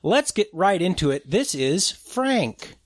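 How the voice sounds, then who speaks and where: A male podcast host who chats casually and cracks jokes. His voice sits a little high and jumps around in pitch. The room sound is dry and close. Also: slow pace, dry recording. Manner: animated, joking, swings in pitch.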